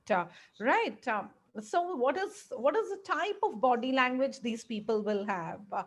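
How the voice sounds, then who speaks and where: A woman lecturing a class, explaining with frequent fillers and acting out examples as she goes. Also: sits high.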